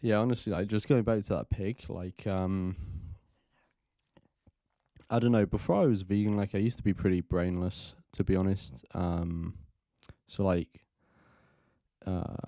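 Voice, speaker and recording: A man's voice: deep voice, unhurried, mellow, no echo, clean studio sound. A man hosting a live stream, reacting to a film in rambling casual commentary full of fillers.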